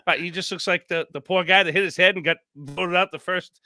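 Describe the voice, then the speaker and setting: A man telling stories on a podcast as a guest, animated and rambling, acting out quotes. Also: high-pitched, fairly quick, no room sound. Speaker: podcast guest, former contestant. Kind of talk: casual storytelling chat.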